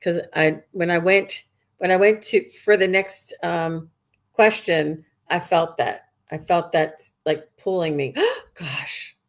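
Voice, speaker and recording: A woman's voice: on the low side, steady tone, a little slow. A woman working as a psychic medium, giving a live reading to viewers in an earnest, rambling way with many restarts.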